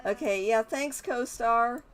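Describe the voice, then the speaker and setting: A woman's voice: a little high, slow pace, a little hiss or hum. A woman streaming a life-sim game, chatting as she plays and talking to her characters. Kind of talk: live gameplay commentary.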